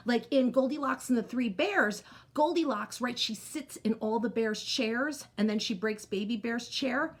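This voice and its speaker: A woman's voice: a little high, unhurried. A woman teacher reading a picture book aloud to children, then chatting to them about it. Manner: animated, talks directly to young listeners. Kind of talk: read-aloud storytelling to children.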